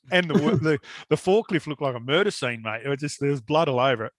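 A man telling a long story in casual chat, animated and swearing freely. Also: medium pitch, a little fast, no room sound.

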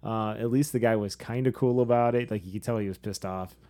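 A man co-hosts a casual conversational podcast, laughing easily and adding side remarks and caveats to his partner's stories. He is a behavioral psychologist and coach with an easygoing manner. His voice is fairly low and warm, with fairly even intonation.

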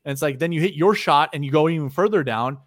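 A man co-hosting a podcast, telling a story in casual chat, animated and swearing freely, often trailing off quietly at the ends of phrases. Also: a little high, fast, dry recording, clean studio sound. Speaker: podcast co-host.

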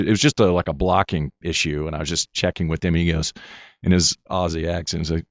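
A middle-aged man with a very deep voice talks through his acting work in a relaxed interview, stumbling and restarting as he goes. The sound is dry and close, with a dull, muffled quality. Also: no room sound. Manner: halting, many restarts and fillers. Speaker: actor guest. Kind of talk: casual interview chat.

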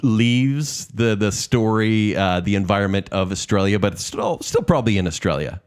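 A man co-hosting a casual podcast chat, explaining things in a relaxed way. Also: lowish voice, normal speed, clean tone. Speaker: podcast co-host.

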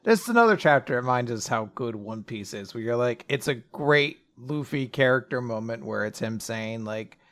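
A man's voice: mid-range voice, expressive, normal speed, hardly any pauses, a bit bright. Enthusiastic man chatting on a podcast. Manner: enthusiastic, rambling with fillers. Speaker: podcast co-host. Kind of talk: casual chat.

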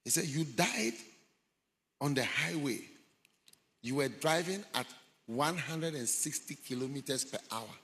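A man's voice: medium pitch, moderate pace, fairly bright tone. A man preaching a sermon, retelling a story dramatically and acting out the voices of people in it. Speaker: bishop preaching. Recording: long hall reverb.

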